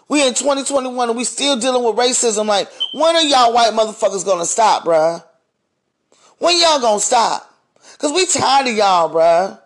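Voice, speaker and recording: Podcast guy going off, high-pitched, cussing and fired up. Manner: blunt, profane, heated. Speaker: podcast host. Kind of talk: ranting monologue.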